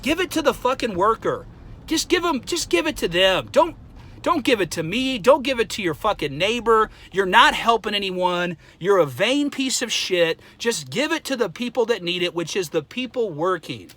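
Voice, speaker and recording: Male vlogger, heated profane rant, bright and piercing tone. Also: sits high, normal speed, no room sound, poor audio. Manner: profane, heated ranting that flares up and then calms. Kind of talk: angry rant to camera.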